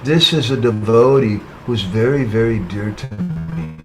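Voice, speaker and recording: Soft music plays behind a low-quality recording of an expressive, medium-pitched man speaking at normal speed. Over an online webinar, the spiritual speaker tells a parable in storytelling-sermon fashion, often adding "huh?" or "right?" to his lines.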